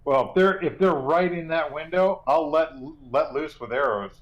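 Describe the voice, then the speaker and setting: A man's voice: on the high side, moderate pace, dull audio. A man playing in a tabletop game, talking in a laid-back way, a bit away from his mic with faint noise behind. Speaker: player. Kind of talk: casual game chat.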